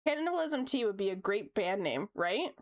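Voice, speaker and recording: A woman's voice: mid-range voice, sing-song, moderate pace. A young woman streamer chatting casually while she draws, reading chat aloud, laughing often and swearing freely.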